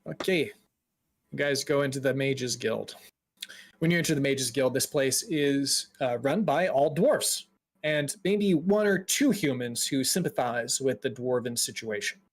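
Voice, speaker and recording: A man narrating as game master of a tabletop game, relaxed and descriptive, with frequent ums. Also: mid-range voice, unhurried.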